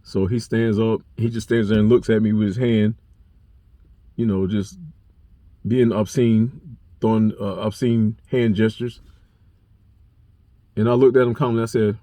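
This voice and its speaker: A young man tells a personal story to his viewers, blunt and full of curse words. His voice is dark and mellow, and the recording is dry and close. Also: mid-range voice, measured pace, pauses often, no echo. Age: young adult. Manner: blunt, profane, animated retelling. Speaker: vlogger. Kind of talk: casual storytelling to camera.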